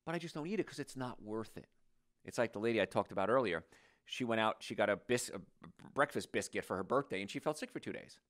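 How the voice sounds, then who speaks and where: An older man hosting a health talk show, telling stories in an animated, joking, folksy way. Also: on the low side, quick pace.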